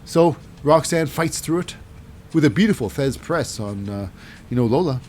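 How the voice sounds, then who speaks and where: A man's voice: mid-range voice, animated, moderate pace, a little mellow, slight background noise. A man casually recapping wrestling matches in a rambling, wry way with lots of fillers.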